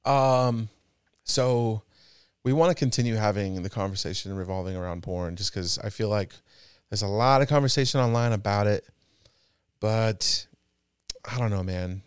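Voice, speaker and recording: Man, podcast co-host, laid-back, smooth voice, dry sound. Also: fairly low pitch, moderate pace, pauses often, no echo. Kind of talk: casual chat.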